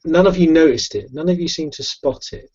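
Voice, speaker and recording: A man narrating a tabletop game as game master, with relaxed, rambling narration and many fillers, on a muffled, lo-fi recording. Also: fairly high pitch, fairly quick, slight background noise.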